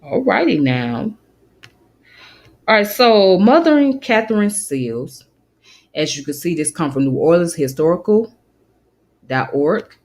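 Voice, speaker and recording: A man presenting a history video in a relaxed way, reading from a web page and commenting loosely as he goes. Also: high-pitched, unhurried.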